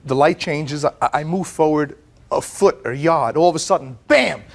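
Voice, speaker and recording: A middle-aged man testifying as plaintiff in a courtroom, telling his story in an animated way, acting out what others said, often repeating words and restarting. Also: on the high side, moderate pace. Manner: animated storyteller, quotes others in lively voices.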